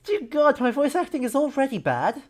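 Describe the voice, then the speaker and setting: A woman's voice: high voice, sing-song, normal speed. A woman streaming a game with sarcastic, self-mocking casual commentary.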